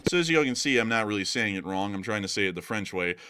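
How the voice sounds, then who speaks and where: A man's voice: fairly low pitch, animated, fast, bright, forceful tone, clear, resonant tone. An American man hosting a live war-news stream, talking to viewers with plenty of filler words. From United States. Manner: talkative, many filler "uh"s, addresses viewers as folks. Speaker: war news show host.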